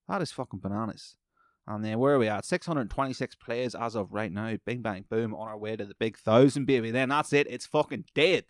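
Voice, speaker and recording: A man hosting a solo podcast, swearing freely and rambling excitedly while commentating a fight live. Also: on the low side, fairly quick, dry recording. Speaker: podcast host.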